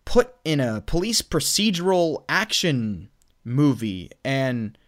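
A man's voice: mid-range voice, sing-song, takes it slowly, a bit bright. A man from the American South co-hosting a podcast, chatting casually and rambling with lots of restarts as he gives his movie opinions. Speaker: podcast co-host. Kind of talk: casual movie review chat.

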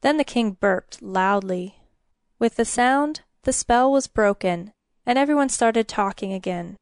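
A woman narrating a fairy tale from a storybook in a steady, measured reading. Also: on the high side, clear, resonant tone, dry recording, clean studio sound.

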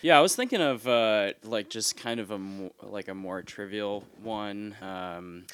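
A man in a casual chat, speaking softly and haltingly. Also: lowish voice, slight background noise.

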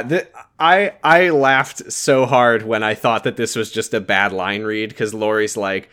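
Male co-host, relaxed recap banter, laughs often, acts out lines. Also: lowish voice. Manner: laughing, acts out characters' lines in quick bursts. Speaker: podcast co-host recapping a show. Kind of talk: casual chat.

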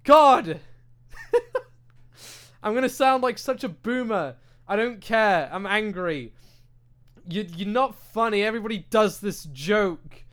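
A young man with a British accent talks into a desk microphone in a loose, casual chat. His voice sits high for a man, and he rants with plenty of swearing and filler words. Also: a little slow. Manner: animated, ranting, heavy swearing and filler words.

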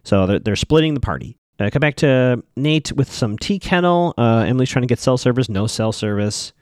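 A man's voice: mid-range voice, lively intonation, normal speed, smooth, no room sound, clean studio sound. A man casually recapping a TV episode, chatting to viewers he calls folks.

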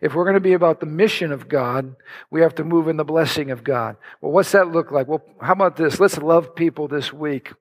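A man preaching a sermon to his congregation, animated and conversational, acting out little prayers and scenes in other voices. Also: on the high side, brisk. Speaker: pastor. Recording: long hall reverb.

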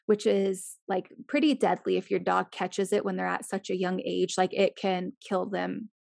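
A woman's voice: fairly low pitch, fairly even intonation, normal speed, vocal fry, darkish tone, no echo. Chatty woman with dry sound. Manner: chatty, frequent "like" fillers, blunt with swearing. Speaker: podcast co-host. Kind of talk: casual chat.

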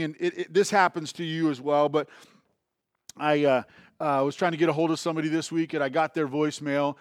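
Male preacher, a touch high, dry close sound, talks to the room and checks in often. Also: dry recording. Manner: conversational preaching with frequent restarts and check-ins like "right?". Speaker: pastor. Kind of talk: sermon.

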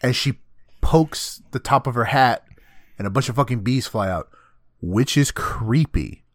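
A man's voice: mid-range voice, a little slow, dry recording, studio quality. A man co-hosting a casual podcast chat, recapping anime episodes in a loose, profane way. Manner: loose, profane, acts out characters in a flat voice. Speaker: podcast co-host.

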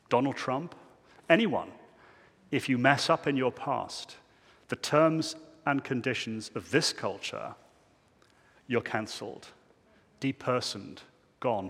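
Slow, emphatic preacher man in echoing church. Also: breathy edge. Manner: emphatic, swings between loud declarations and hushed low phrases. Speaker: pastor. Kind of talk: sermon.

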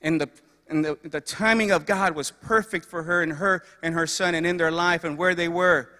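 Male preacher, earnest and repetitive, forceful bright tone, long hall reverb. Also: fairly high pitch, steady tone, normal speed. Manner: earnest storytelling with repeated phrases. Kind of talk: sermon.

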